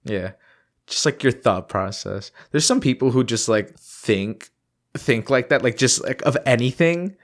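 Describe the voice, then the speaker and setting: A man's voice: mid-range voice, expressive, unhurried. A young man co-hosting a podcast in casual chat, laughing often and acting out quotes in voices. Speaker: podcast co-host.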